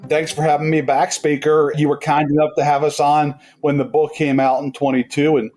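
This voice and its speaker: A male journalist speaks as a podcast guest in a slightly higher than usual voice. His talk is relaxed and plainspoken. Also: fairly quick, soft background music. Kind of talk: interview conversation.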